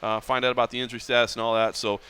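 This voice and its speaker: Fast-talking bright podcast host man. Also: medium pitch, clean tone. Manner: upbeat, animated, fillers like uh. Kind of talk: casual podcast chat.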